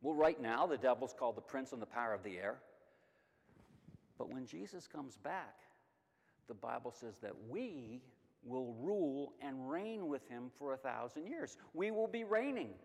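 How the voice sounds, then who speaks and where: A man's voice: medium pitch, moderate pace, creaky. Emphatic man teaching Sunday school. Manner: lively, emphatic, asks and answers his own questions. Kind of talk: Bible lesson. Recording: long hall reverb.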